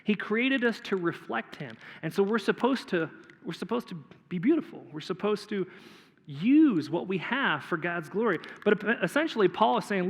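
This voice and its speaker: High-voiced pastor preaching in a reverberant church. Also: male voice, lively intonation, moderate pace. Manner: conversational, clears throat often, repeats words. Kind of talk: sermon. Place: church auditorium. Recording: long hall reverb.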